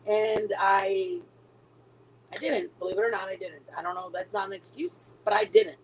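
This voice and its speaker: A woman's voice: medium pitch, steady tone, normal speed, noisy background. A middle-aged woman chatting casually with her viewers, telling a long story with many restarts and trailing thoughts. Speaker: livestream host.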